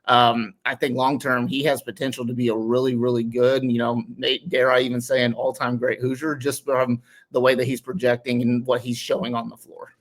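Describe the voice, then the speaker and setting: A man's voice: mid-range voice, level tone, a little fast, few pauses. A man speaking as a guest analyst on a sports podcast, in casual chat that rambles with many fillers. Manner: rambling, heavy on "um" and "you know".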